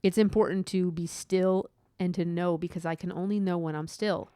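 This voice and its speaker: A woman talking through her own faith podcast, earnest and meandering, full of "like" and side thoughts. Her voice is smooth and clear, recorded close and dry with no room sound. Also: fairly low pitch, fairly even intonation, normal speed, mellow, no echo. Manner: earnest, rambling, with many asides and "like". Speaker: podcast host. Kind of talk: personal faith podcast monologue.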